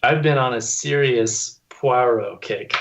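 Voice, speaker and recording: A man's voice: medium pitch, slow pace, creaky, a little hiss or hum, poor audio. A man appearing as a guest illustrator, talking easily and laughing often. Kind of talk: casual interview chat.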